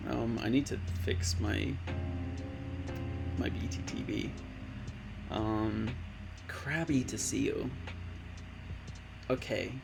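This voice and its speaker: A man's voice: fairly low pitch, slow, gravelly, pauses often. A man in his late twenties streaming live, chatting casually and reading viewers' messages aloud in a laid-back, rambling way. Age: late 20s. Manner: laid-back, rambling, reads chat aloud, calls people man and bud. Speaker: Twitch streamer. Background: background music.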